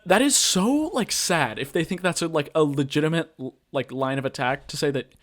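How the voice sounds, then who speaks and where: A man's voice: on the high side, lively intonation, moderate pace, hardly any pauses, a bit bright. A man hosting a podcast, ranting casually about politics in a rambling, blunt way, full of filler words and swearing. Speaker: podcast host.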